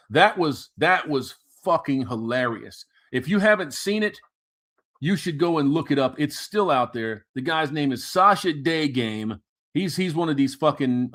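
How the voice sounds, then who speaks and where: A man's voice: fairly high pitch, fairly bright tone. A man ranting crudely with heavy profanity while commenting on videos he plays. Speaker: commentary streamer. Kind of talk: casual reaction commentary.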